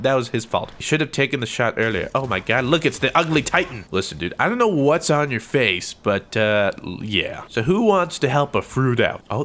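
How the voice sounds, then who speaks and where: Excitable young man narrating his gameplay. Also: medium pitch. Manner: excitable, jokey, prone to yelps and laughs. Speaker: gaming YouTuber. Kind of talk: gameplay commentary.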